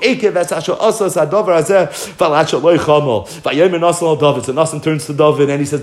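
Animated male Torah teacher, echoey room. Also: fairly high pitch, a little fast, hardly any pauses. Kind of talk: animated storytelling Torah class.

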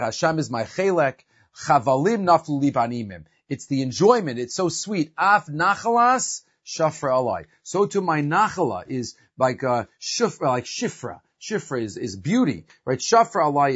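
Husky man teaching a Torah lesson. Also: medium pitch, lo-fi sound. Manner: explanatory, translates verses, frequent "right?". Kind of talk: religious lesson.

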